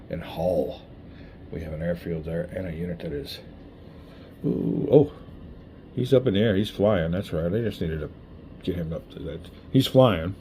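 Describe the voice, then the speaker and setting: Middle-aged man with a very low, gravelly voice, casual solo wargame commentary, faint hiss in the recording. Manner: relaxed, chatty, thinks aloud while rolling dice. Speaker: board game player and channel host.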